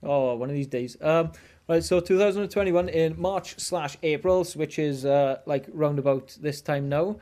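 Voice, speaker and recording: A man's voice: a little high, normal speed, dark tone. A man hosting a casual chat, rambling through a story with many fillers and restarts. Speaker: podcast host. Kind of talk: casual chat, recounting news.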